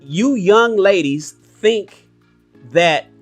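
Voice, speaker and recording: Animated man in his forties, blunt. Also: high voice, very slow, soft background music. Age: 40s. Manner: animated, blunt, profane storytelling. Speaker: podcast host. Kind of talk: casual livestream chat.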